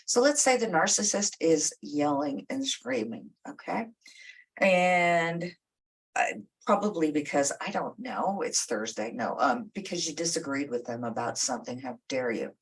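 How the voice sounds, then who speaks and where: A woman therapist giving direct, coaching advice with a lively, up-and-down delivery. Her voice sits a bit low and sounds husky, recorded slightly away from the mic. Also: moderate pace, recorded from a distance, poor audio. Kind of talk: advice talk.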